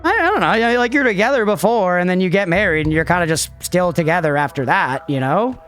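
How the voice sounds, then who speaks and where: A man's voice: sits high, animated, fast, fairly bright tone, faint music behind. A man doing his hesitant, shrugging dad. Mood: bewildered. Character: bewildered, offhand father, middle-aged man.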